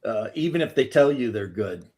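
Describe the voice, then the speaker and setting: A man's voice: on the low side, expressive, moderate pace, a little mellow. A man hosting a casual live chat, laid-back, swearing freely and laughing often. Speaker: host.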